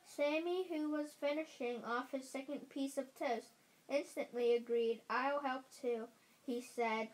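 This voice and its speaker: A woman's voice: high voice, fairly even intonation, unhurried, darkish tone, rough recording. A woman reading a children's chapter book aloud with care, often stumbling and restarting her lines. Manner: careful reading with frequent slips and restarts. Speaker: reader.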